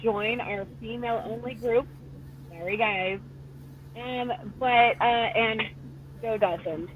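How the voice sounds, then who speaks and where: A woman's voice: a little high, slow pace, phone-quality sound, a little hiss or hum. A woman co-hosting a casual livestream talk show, playful and teasing. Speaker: co-host.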